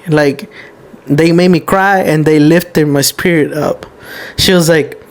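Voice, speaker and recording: A young man hosting a casual podcast, his voice sitting a little higher than most men's. He tells personal stories openly and with feeling, dropping curse words freely as he goes. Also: slow pace. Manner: candid, emotional storytelling, heavy swearing. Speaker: podcast host.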